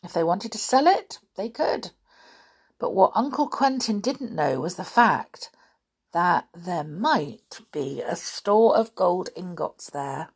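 A woman reading a children's storybook aloud in an expressive, lively narrating way. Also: on the low side, takes it slowly, vocal fry, husky.

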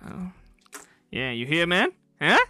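Nigerian guy co-hosting, bright tense voice, laughs a lot, chill chat. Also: on the high side, slow, no room sound. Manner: laughs often, animated, jokey. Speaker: podcast co-host. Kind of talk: casual chat.

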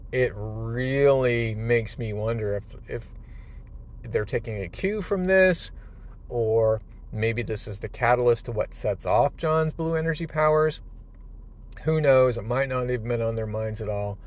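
A male podcast host casually recapping a comic book issue, retelling the panels with enthusiasm and a few fillers. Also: medium pitch.

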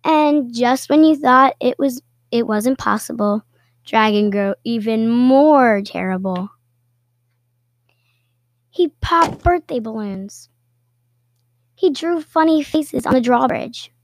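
A woman reading a children's picture book aloud with playful, expressive storytelling and little asides. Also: fairly high pitch, slow, pauses often, no echo. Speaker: storybook reader.

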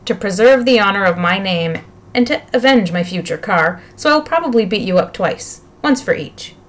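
A pompous schoolboy bully blusters through his threats in a raised, self-important voice, as a woman reads him aloud. He sounds sure of his own importance. The storybook telling keeps him lively. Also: medium pitch, moderate pace, close to an everyday voice. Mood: threatening.

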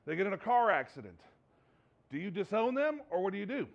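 A male pastor preaches with a notably high voice, throwing rhetorical questions at his listeners. He slips into voices to act out everyday scenes. The recording sounds dull and muffled. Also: a little fast, vocal fry. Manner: animated, rhetorical questions, acts out quoted voices. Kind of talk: sermon.

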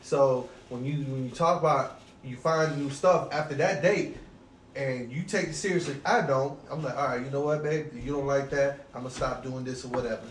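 This podcast guest speaks at medium pitch and a moderate pace, swearing casually as he recounts relationship stories with lively energy. He often repeats his partner's words, and the audio carries roomy echo plus faint background noise.

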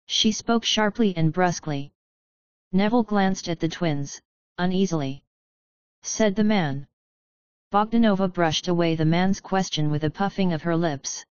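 A woman narrating a fan story as an audiobook in an even, measured way, on a slightly dull recording. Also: lowish voice, smooth, no room sound.

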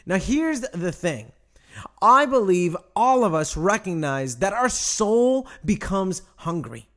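A young adult male pastor preaching a sermon, emphatic and direct with the congregation, stretching out key phrases slowly. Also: high voice. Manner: animated preaching, emphatic with slow drawn-out phrases; addresses congregation directly, asks them to respond.

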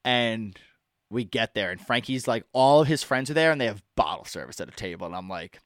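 A young man on a podcast telling a party story in casual chat, animated and profane, acting out his friends' lines. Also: mid-range voice, fairly quick, dry recording, studio quality. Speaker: podcast co-host.

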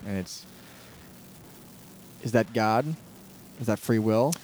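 A man's voice: fairly low pitch, takes it slowly, a little mellow, a little hiss or hum, low-quality recording. A man co-hosting a casual podcast from a dining room at home, rambling and joking in a laid-back way. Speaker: podcast co-host.

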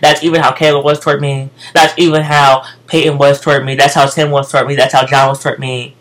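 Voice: mid-range voice, level tone, fast talker, fairly bright tone, low-quality recording. An American speaker telling a casual storytime rant to viewers, profane and emphatic, often repeating phrases. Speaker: vlogger.

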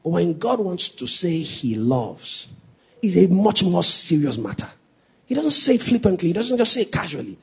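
Male pastor, husky tone, shouts for emphasis mid-sermon. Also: high voice, sing-song, normal speed. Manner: preaching with rising shouted emphasis, jokes with the congregation.

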